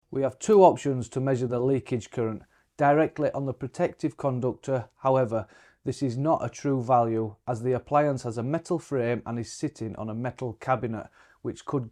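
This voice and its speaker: A man's voice: mid-range voice, normal speed, dark tone. A man presenting a scripted technical demonstration with dry, wry humour. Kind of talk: scripted how-to narration.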